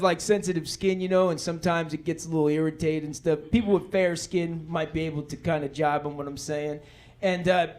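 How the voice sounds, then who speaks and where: A man doing laid-back stand-up storytelling, rambling along and acting out the people in his stories. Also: high-pitched. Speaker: stand-up comedian. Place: comedy club stage.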